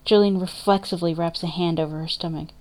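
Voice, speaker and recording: Reading dramatic fiction aloud, a woman whose voice is fairly low for a woman gives measured, emotive narration. She stays steadily focused on the story as its reader.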